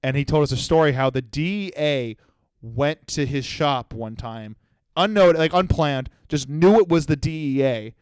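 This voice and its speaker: A man's voice: a little high, moderate pace, clear, resonant tone, dry recording. A man in his twenties hosting a solo comedy podcast, telling rambling, profane stories. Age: 20s. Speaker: podcast host.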